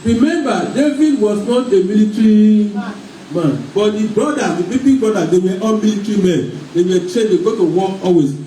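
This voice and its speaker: A man's voice: high-pitched, normal speed, dark tone. A man with a Nigerian accent preaching a sermon in rhythmic call-and-response style. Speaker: pastor. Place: church hall. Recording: echoey hall, mic far off, faint noise.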